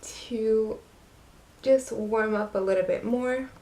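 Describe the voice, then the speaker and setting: Gushing woman doing a slow makeup voice-over. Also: on the high side. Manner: gushing, easily excited, talks to viewers. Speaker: beauty vlogger.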